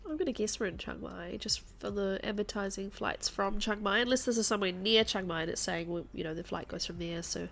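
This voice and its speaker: A woman's voice: mid-range voice, fairly quick, gravelly, hardly any pauses, fairly bright tone, slight background noise. A woman streaming a guessing game, thinking aloud and chatting to her viewers. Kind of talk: live-stream gameplay chat.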